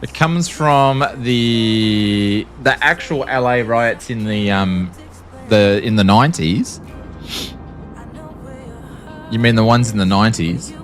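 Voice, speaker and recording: A man's voice: on the low side, unhurried, faint music behind. A man with an Australian accent chatting casually on a livestream, talking freely and laughing often. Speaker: streamer.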